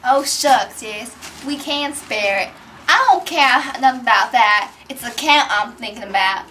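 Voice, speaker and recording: A greedy old male swindler delivering folksy, pompous speeches, with a young woman reading the part. Her own high, bright voice carries the amateur drama reading. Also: a little slow, slight background noise. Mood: scheming. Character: greedy old male con man posing as a grieving brother.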